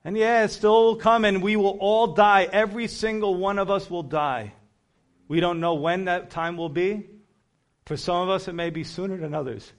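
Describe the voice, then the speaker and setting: A man's voice: high-pitched, normal speed. Earnest man preaching an urgent sermon.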